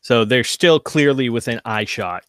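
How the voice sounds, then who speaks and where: A man running a tabletop role-playing game as game master, narrating in a relaxed way with lots of fillers. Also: mid-range voice, normal speed, no echo, studio quality. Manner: relaxed, filler-heavy narration with frequent laughs.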